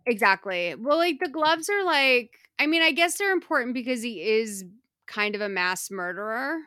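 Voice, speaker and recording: Bright, crisp-voiced woman podcast host. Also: a little high, normal speed, no room sound, studio quality. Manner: animated retelling, acting out characters' lines, many "like" fillers. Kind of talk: casual film recap chat.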